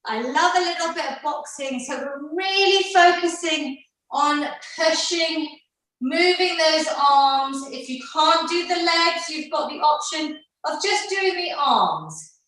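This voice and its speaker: A woman's voice: high voice, lively intonation, takes it slowly, a bit bright. A woman fitness instructor leading an online workout class, upbeat and encouraging, counting down the reps. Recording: very echoey room, mic far off.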